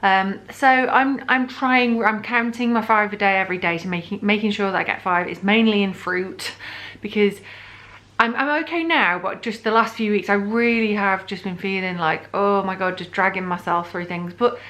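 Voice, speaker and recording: A woman's voice: mid-range voice, steady tone, moderate pace, bright, forceful tone. Chatty British woman vlogging casually. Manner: chatty, rambling with many fillers and restarts. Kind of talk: casual pregnancy update vlog.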